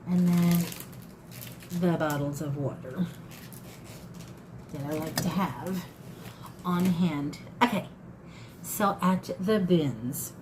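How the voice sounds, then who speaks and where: A woman's voice: on the low side, slow pace, long pauses, background noise. A woman in her fifties chatting casually to viewers about her thrift haul, folksy and talkative. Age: 50s. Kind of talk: casual haul chat to camera.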